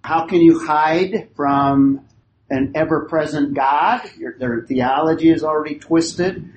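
A man's voice: fairly high pitch, takes it slowly, lo-fi sound. A man teaching a Bible class, who asks his group questions, repeats their answers and leans hard on key phrases. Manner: emphatic, stretches key phrases. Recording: roomy hall recording, faint hiss.

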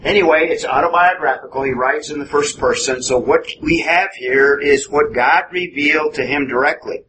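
A man's voice: fairly high pitch, moderate pace, pushed and bright. Man teaching a Bible class. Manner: methodical, explanatory, asks the class questions. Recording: noisy room recording.

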